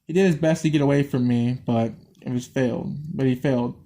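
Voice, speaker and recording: A man's voice: medium pitch, brisk, mellow. A man reading a violent horror story aloud who keeps stumbling, restarting lines and swearing at his own misreadings. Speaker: story reader.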